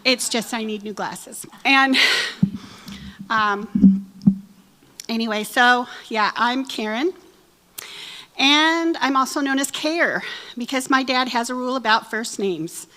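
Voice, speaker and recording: A woman's voice: fairly high pitch, a little slow, long pauses, pushed and bright. A woman in her sixties giving a chatty, self-deprecating, joking talk to a church women's group. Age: 60s. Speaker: women's Bible study speaker. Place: church hall.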